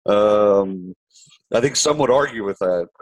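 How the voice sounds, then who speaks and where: Male host, 40s, lowish pitch, dry close sound, searching phrasing. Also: unhurried, no room sound, poor audio. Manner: thoughtful, hesitant with many fillers. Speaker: interview host. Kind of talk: conversational interview questions.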